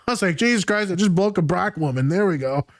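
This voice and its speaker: A man's voice: sits high, expressive, fast. A man hosting a podcast, talking candidly and joking with lots of swearing in casual chat. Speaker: podcast host.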